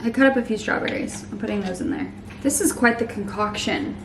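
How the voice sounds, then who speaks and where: A young woman in her twenties chatting casually to camera as she makes a smoothie, saying "like" a lot and sometimes trailing off into soft murmurs. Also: medium pitch, fairly quick, echoey room, far from the mic, very noisy. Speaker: lifestyle vlogger. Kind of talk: casual vlog chat. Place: home kitchen.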